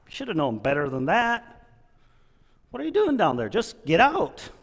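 A man's voice: sits high, wildly swooping pitch, moderate pace, long reverb tail, heavily acted. A man voicing a scolding, impatient male bear in a spoken story, with harsh, lecturing words.

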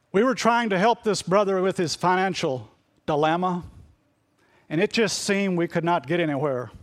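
A middle-aged man preaching a sermon in an earnest, confessional way, often repeating himself as he reaches for the right words. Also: high-pitched.

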